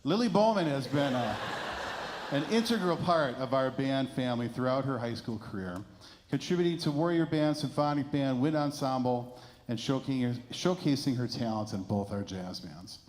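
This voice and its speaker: A man's voice: mid-range voice, darkish tone. A man, a band director, reads an award tribute in a school auditorium. His voice sits mid-range and catches with emotion as he goes. A long hall reverb trails behind each phrase. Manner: emotional, halting, reading prepared remarks. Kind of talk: award presentation speech. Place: school performing arts center.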